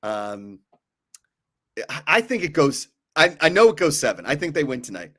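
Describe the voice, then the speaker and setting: Joking Pittsburgh man, slightly high voice. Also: big pitch swings, normal speed, a bit bright. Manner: jokey, teasing, laughs often. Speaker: co-host. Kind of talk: casual sports talk.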